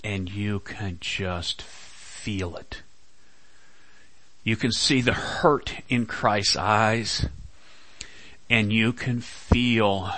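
A man preaching a sermon, slow and dramatic, acting out quoted lines. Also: fairly low pitch, fairly bright tone. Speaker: pastor.

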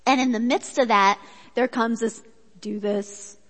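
A woman giving a sermon with a personal story, in a chatty, animated way that acts out quotes. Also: on the high side, normal speed. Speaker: speaker at a church gathering. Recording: echoey hall.

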